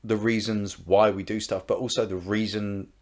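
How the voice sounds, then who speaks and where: A man's voice: lowish voice, flat delivery, moderate pace, darkish tone. A man hosting a podcast, chatting in an easygoing, amused way. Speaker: podcast host. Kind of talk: casual chat.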